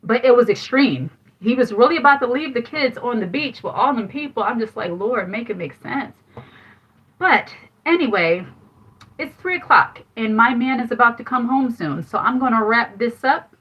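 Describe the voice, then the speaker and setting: A woman's voice: a little high, lively intonation, moderate pace, husky. A middle-aged woman hosting a casual advice livestream, telling a candid story in a chatty way and laughing often. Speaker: livestream host giving life advice. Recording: dull lo-fi livestream audio.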